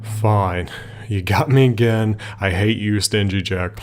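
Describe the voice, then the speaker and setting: Guy doing a grumpy devil, deep-ish voice, folksy and impatient. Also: slow pace, clear, resonant tone. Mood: grudging. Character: scheming male devil collecting a soul.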